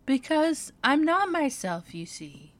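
A polite, bewildered young girl, voiced by a woman in a read-aloud storybook. The voice is very high and swoops up and down, shy and earnest, with her words stretched out slowly. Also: very animated, heavily acted. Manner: polite, shy, sometimes flustered.

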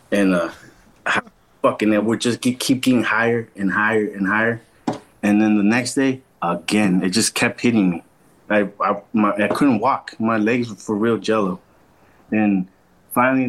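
On a podcast, a young man with a lowish voice casually spins a long story at a moderate pace, swearing plenty and acting out what everyone said. He's a laid-back, slangy storyteller who quotes people in voices, and the recording is rough.

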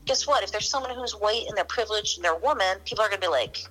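A woman's voice: mid-range voice, rapid-fire, faint music behind, low-quality recording. A middle-aged woman comedian from Chicago, telling stories in casual podcast chat, acting out quotes and swearing freely. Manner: animated storyteller, acts out quotes, swears freely.

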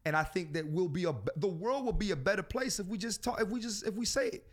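A man's voice: high voice, fast. A man hosting a casual podcast, talking in a profane, preachy and joking way. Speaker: podcast host.

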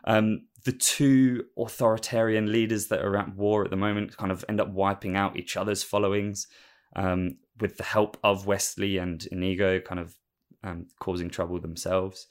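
Deep-voiced man rambling through a story. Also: level tone, normal speed. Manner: rambling, with many fillers and restarts, and amused. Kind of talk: casual storytelling recap.

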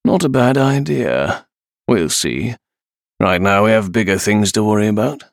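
A calculating criminal boss, as a man reads him, deep and gravelly, with a lively up-and-down delivery. He speaks slowly with quiet menace, and the close, dry sound has no room around it. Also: no room sound. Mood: cold scheming. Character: scheming male gang leader, cold and calculating.

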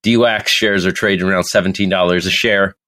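A man's voice: low voice, fairly even intonation, brisk, pushed and bright. A man hosting a casual podcast chat, joking sarcastically, laughing often and restarting his sentences. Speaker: podcast host.

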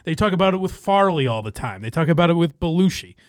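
A man's voice: a little high, lively intonation, fast, no echo, studio quality. A man hosting a podcast in casual chat, rambling with fillers, swearing and laughing. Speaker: podcast host.

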